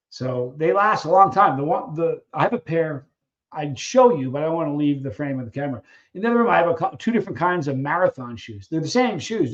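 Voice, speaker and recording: A man's voice: on the high side, highs cut off. A man hosting a casual live stream, chatting loosely with viewers, reading out their questions and trailing off while he searches for names.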